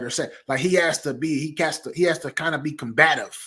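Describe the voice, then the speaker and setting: Podcast guy with a husky voice, animated, keeps restarting his words. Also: on the high side, fast talker. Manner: animated, repeats words while thinking. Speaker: podcast co-host. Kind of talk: casual sports debate.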